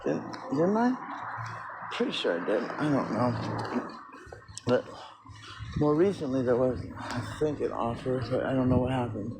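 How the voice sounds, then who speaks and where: A man's voice: mid-range voice, lively intonation, a little slow, long pauses, background noise. A man ranting and answering viewer comments on a casual livestream, profane and agitated, in tooth pain.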